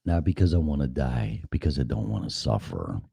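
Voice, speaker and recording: Gravelly-toned low-voiced man ranting. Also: a little fast, background noise. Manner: profane, rambling, animated storytelling. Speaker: show host. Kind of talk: casual monologue.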